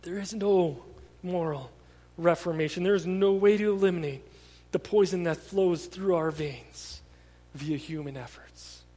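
High-voiced preacher in an echoing hall. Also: male voice. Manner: conversational, animated storytelling with repeated restarts. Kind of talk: sermon.

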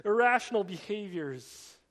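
A man preaching a sermon, swinging between emphatic raised passages and quiet, drawn-out emphasis. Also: sits high, expressive, in a large hall. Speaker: pastor.

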